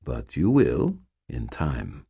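A man voicing a calm, sinister male guardian and dark wizard who speaks in a steady, quiet, unhurried way. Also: a bass voice, gravelly, slightly rough, no echo, studio quality, voice pushed down, exaggerated voice. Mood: cold calm.

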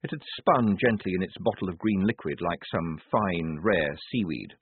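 A man narrating a novel in expressive storytelling style. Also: deep voice, moderate pace, hardly any pauses, breathy edge, no echo. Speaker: audiobook narrator. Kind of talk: scripted narration. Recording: tinny phone-like sound, dry.

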